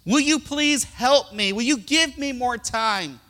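Desperate guy begging for mercy, preacher playing him, high pleading voice, echoey hall. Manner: pleading, slow and drawn out. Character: desperate male debtor begging on his knees. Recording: long hall reverb.

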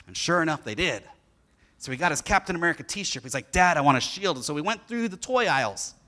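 A man's voice: a little high, fast. A man preaching a sermon, telling a story about his son and acting out the boy's lines with energy. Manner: animated storyteller who acts out his son's lines. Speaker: pastor.

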